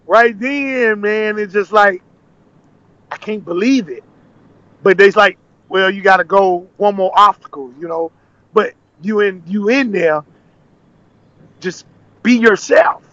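A man's voice: sits high, a bit bright, no room sound, muffled recording. A man from Nashville, a podcast guest telling his story animatedly in casual conversation, acting out the dialogue he quotes. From Nashville, USA. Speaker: podcast guest, former cooking show contestant.

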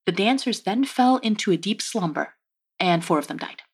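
A woman's voice: medium pitch, animated, moderate pace, slightly rough. A woman hosting a casual history podcast, telling the story with wry, joking asides. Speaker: podcast host.

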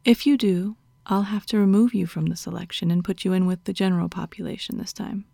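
A woman's voice: on the low side, steady tone, a little fast, vocal fry, warm tone, no room sound, clean studio sound. A woman voicing a stern, dominant female doctor who gives orders and scolds in a half-whispered voice, as whispered role-play. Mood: commanding.

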